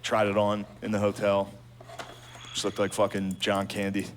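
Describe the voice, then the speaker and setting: A man's voice: fairly low pitch, completely flat delivery, normal speed. A man doing a stand-up comedy routine, telling profane, self-deprecating stories. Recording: clear background noise.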